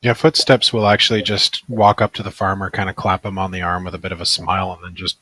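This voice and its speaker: A man at a tabletop game describing what his character does, good-humored and detailed. His voice is deep but bright and forward, and he talks quickly. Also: level tone, no room sound. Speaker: player.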